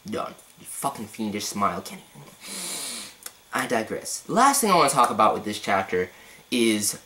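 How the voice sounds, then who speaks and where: A man giving a casual, excitable manga chapter review, full of slang and swearing, swinging between loud outbursts and hushed asides. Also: on the low side, normal speed, poor audio.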